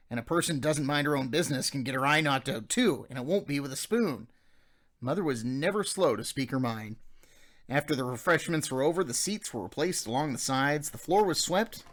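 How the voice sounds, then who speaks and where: A man narrating a memoir audiobook in a measured, gently nostalgic storytelling manner. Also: medium pitch.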